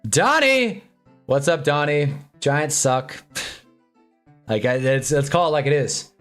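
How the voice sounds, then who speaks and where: A young man casually reacting to live football games on a stream, swinging from low muttering to excited yelling at big plays. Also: a little slow, clear, resonant tone, faint music behind. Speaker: sports streamer. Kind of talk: live football watch-along commentary. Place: home streaming room with green screen.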